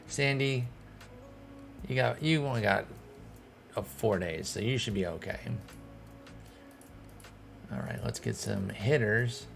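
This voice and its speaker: Young male streamer, low gravelly voice, casual chatty game commentary with abrupt excited bursts, faint music behind. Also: takes it slowly, pauses often. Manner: chatty, thinks aloud, sudden excited outbursts. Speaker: streamer playing a baseball management game.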